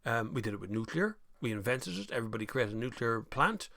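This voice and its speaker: Animated Irish man hosting a live chat. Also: mid-range voice, fast talker, creaky, no echo, clean studio sound. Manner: animated, mocking put-on voices when quoting people. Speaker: live stream host. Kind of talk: casual live chat reading comments.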